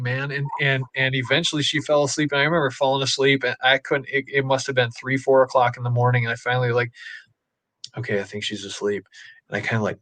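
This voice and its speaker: A man telling a personal story in a casual chat, rambling and animated, with many fillers. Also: medium pitch, dry recording. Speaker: podcast guest dad. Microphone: live stream call.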